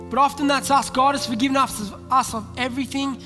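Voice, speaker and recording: A man's voice: extremely high pitch, fairly even intonation, brisk, hardly any pauses. A man preaching a sermon as pastor, telling a story and acting out its characters' lines. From Australia. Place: large church hall. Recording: long hall reverb with music behind. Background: soft background music.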